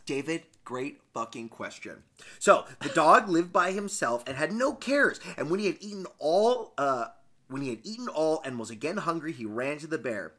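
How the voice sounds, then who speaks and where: A bright-voiced woman co-hosting a comedy podcast, her pitch swinging widely as she reads out a folk tale. She breaks off into sweary banter and teases her co-host along the way. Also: normal speed. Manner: animated, sweary, laughs while reading. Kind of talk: casual comedic podcast chat and storytelling.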